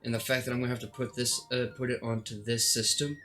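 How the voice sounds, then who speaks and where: Man, exasperated rant, dramatic complaints, stumbling restarts, mid-pitched voice, faint music underneath. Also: little pitch movement, quick pace, bright, forceful tone. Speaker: streamer. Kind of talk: casual ranting vlog.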